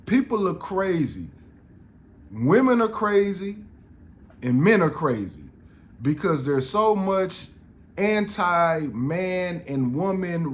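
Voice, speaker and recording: A middle-aged man, telling a story on a podcast in an exasperated, profane rant full of restarts. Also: on the high side. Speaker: podcast host.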